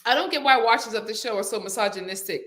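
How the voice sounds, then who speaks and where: A woman's voice: a little high, fast, a bit bright. A woman hosting a casual live stream from home, chatting and reading viewer comments aloud.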